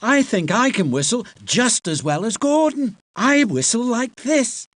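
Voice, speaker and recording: A man's voice: extremely high pitch, animated, a little slow, a bit bright, no echo, voice pushed up, heavily acted. A man voicing a cheeky, playful young male engine in a children's game.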